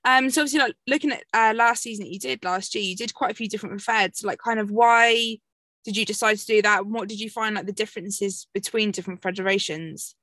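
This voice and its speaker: Bright, dry-sounding chatty woman. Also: medium pitch, fairly even intonation, no echo. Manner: laughs often, quick and chatty. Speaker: podcast host, bodybuilder. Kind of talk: casual podcast chat.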